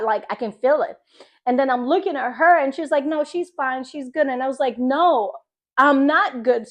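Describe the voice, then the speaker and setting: A young woman with a Philadelphia accent tells her birth story as a faith testimony. She talks casually and emotionally, with fillers, and slips into her own pleading voice from that day. Her voice sits a little high. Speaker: faith vlogger sharing a testimony.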